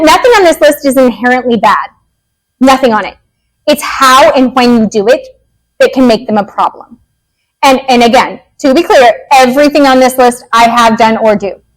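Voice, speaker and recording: A woman behavior analyst, herself a parent, giving a lively, joking workshop talk to parents. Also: high voice, low-quality recording. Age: adult parent. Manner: lively, joking, acts out quick quotes.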